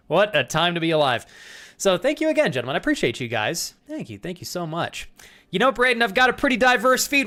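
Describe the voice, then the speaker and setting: A man's voice: sits high, a bit bright. A man with an American accent chatting to his live-stream audience, laughing often and swearing freely.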